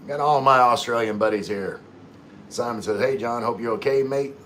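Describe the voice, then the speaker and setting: A man's voice: medium pitch, steady tone, moderate pace, bright, forceful tone, a little hiss or hum. A man hosting a casual livestream, reading viewer comments aloud and chatting back in an easygoing way, often repeating words and restarting. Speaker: livestream host.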